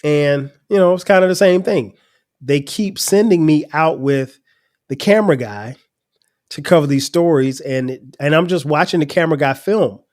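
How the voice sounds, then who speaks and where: A middle-aged man hosts a podcast, telling a personal story in a casual, conversational way and laughing frequently. His voice is a little high with a darkish tone, at a moderate pace.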